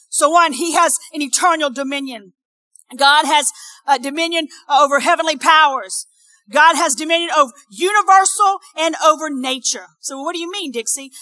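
High bright-voiced woman preaching a sermon. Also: normal speed, no echo. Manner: swings between shouted declarations and soft conversational asides; acts out quoted voices with laughs.

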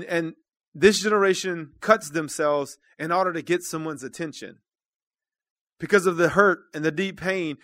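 Man preaching, high voice, bright tense tone, dry close sound, earnest conversational sermon. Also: no echo. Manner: earnest, conversational preaching that swells into loud calls to the congregation. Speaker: church minister.

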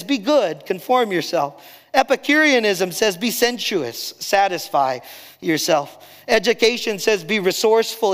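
A male pastor preaching a sermon, rising on key phrases and dropping soft and slow to drive points home. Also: high-pitched, in a large hall.

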